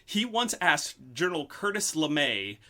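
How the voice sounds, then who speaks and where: Bright-voiced man telling a story. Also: a little high, sing-song, a little slow. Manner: storytelling with many "um" and "like". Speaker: podcast host. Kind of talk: casual chat.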